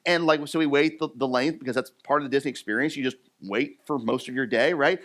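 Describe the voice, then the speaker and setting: A male pastor from the US East Coast, telling a story in his sermon in a chatty, animated way with many fillers and restarts. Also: medium pitch, quick pace. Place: church.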